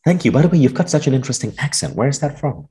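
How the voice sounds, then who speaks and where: A man's voice: medium pitch, big pitch swings, rapid-fire, dark tone. A man hosting a podcast, introducing his guest with enthusiasm and chatting with her. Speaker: podcast host. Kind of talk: podcast interview.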